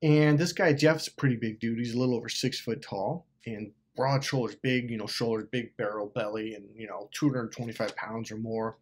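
A man's voice: mid-range voice, fairly quick, hardly any pauses. A man hosting a self-help video, telling a personal story in a casual, rambling way with swearing and lots of fillers. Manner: animated, profane, rambling with many fillers.

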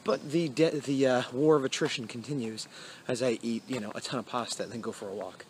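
A man's voice: mid-range voice, brisk, slight background noise. A man vlogging casually outdoors on an evening walk, rambling and self-deprecating, with many fillers. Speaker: comic artist vlogger. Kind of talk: casual vlog talk.

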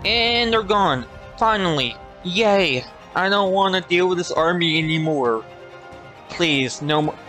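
A man giving casual gameplay commentary in a let's play, animated and playfully complaining. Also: high voice, a little slow, faint music behind.

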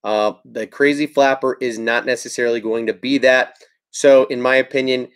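A man hosting a live-stream fishing video, talking in a relaxed, rambling way with frequent ums while he answers viewers' chat. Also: mid-range voice. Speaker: fishing channel host. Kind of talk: casual live-stream product talk.

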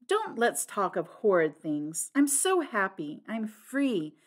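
A woman voicing an impulsive, emotional young woman who speaks in high, eager outbursts in a storybook reading. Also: sing-song, slow.

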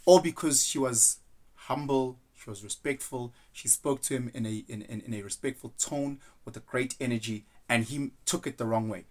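A man's voice: medium pitch, moderate pace, a little mellow. A young man talking through his thoughts in a casual, rambling monologue, earnest and loose, slipping into quoted voices now and then. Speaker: vlogger.

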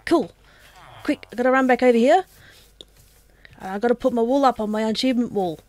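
Woman, let's play commentary, chatty, talks to herself, fairly high voice. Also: brisk, pauses often. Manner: chatty, talks to herself, bursts into excited shouting. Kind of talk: casual gameplay commentary.

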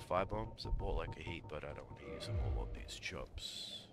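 A man's voice: low-pitched, normal speed, few pauses, faint music behind. A man streaming a game live, chatty and jokey, talking to his chat and taunting enemies. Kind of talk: live gameplay commentary.

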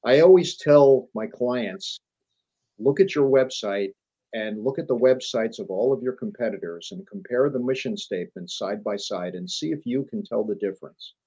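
A middle-aged man, a journalist and author, telling business stories in a lively, emphatic way as a guest on an interview show. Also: medium pitch, normal speed, husky, poor audio. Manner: animated storyteller, emphatic repetition. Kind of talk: conversational interview.

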